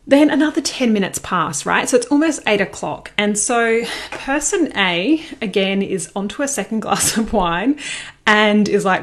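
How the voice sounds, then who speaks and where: A woman's voice: medium pitch, animated, normal speed. A woman giving a casual motivational talk, conversational and repetitive, often checking in with "right?". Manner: conversational, repeats herself, frequent "right?". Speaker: motivational speaker.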